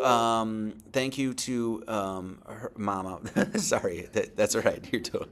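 Rambling low-voiced man hosting a service. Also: slow pace. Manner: rambling, informal, loose and chatty. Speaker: host of an online religious service. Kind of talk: casual closing thanks and announcements.

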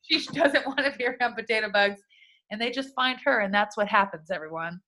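A young woman with a bright, forceful voice, slightly higher than most, co-hosting a casual podcast. She swears a lot and tells stories with energy, acting out what each person said. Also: fairly quick. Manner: profane, animated storytelling. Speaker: podcast co-host. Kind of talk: casual chat.

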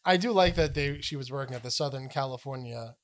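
A man's voice: mid-range voice, quick pace. A man co-hosting a casual movie review chat, wry and amused, sometimes reading from his notes. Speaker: podcast co-host.

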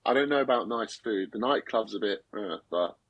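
A man guest on a football podcast, chatting casually in a halting, stammering way with plenty of swearing. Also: lowish voice, lively intonation, dry recording, highs cut off. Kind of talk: casual chat.

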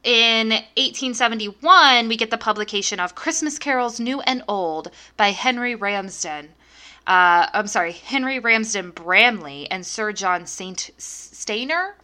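A woman's voice: fairly high pitch, measured pace, pushed and bright. A young woman co-hosting a podcast, chatting casually with lots of fillers and laughs. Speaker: podcast co-host. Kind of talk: casual chat.

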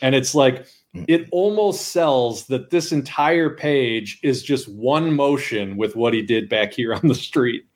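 A man co-hosting a podcast, chatting casually and enthusiastically about comic art, breaking into excited exclamations. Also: mid-range voice, measured pace. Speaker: podcast co-host.

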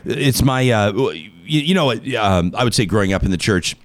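A male talk show host who rambles and jokes at his own expense. His voice swings widely in pitch as he chats. The sound is close and dry, with no room around it. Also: lively intonation, normal speed, no room sound. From Canada. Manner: rambling, self-deprecating, jokey. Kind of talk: casual on-air banter.

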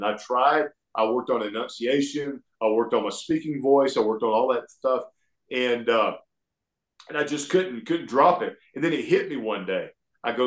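A middle-aged man with an Alabama Southern accent, a guest telling stories in a folksy, animated way. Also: mid-range voice, moderate pace. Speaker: guest, former pro wrestler. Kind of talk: casual storytelling interview. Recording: echoey room.

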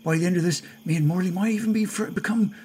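A man voicing a clumsy, eager male guard in a tabletop game, gushing and excitable. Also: high voice, fast talker, slight background noise, voice pushed up, lightly acted.

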